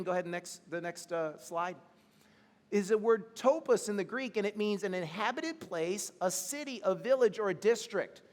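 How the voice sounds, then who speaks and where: A middle-aged man preaching a sermon in a lively, conversational way, with casual asides to the congregation. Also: sits high, in a large hall. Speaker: pastor.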